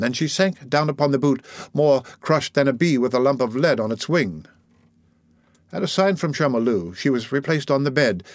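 A man reads a classic novel aloud in measured, dramatic audiobook narration. His voice sits at a middle pitch and is heard close and dry, with no room around it. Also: no echo.

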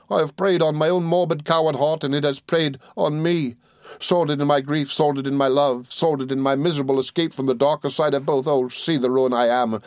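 A man reading an audiobook, voicing a guilt-ridden older gentleman who speaks in desperate, pleading anguish. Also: medium pitch, no echo, studio quality, lightly acted.

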